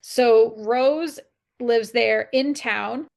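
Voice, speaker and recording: Podcast co-host, woman from Canada, gravelly texture, chatty storyteller. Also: on the high side, extremely slow, darkish tone. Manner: chatty, laughs often, storytelling. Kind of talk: casual chat.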